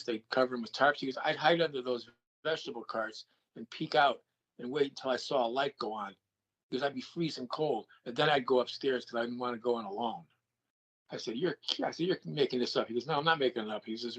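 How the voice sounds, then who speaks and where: A man's voice: medium pitch, a little fast, husky, rough recording. An older man, a guest, telling a personal anecdote and acting out the dialogue he quotes. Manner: animated storyteller who acts out quoted dialogue.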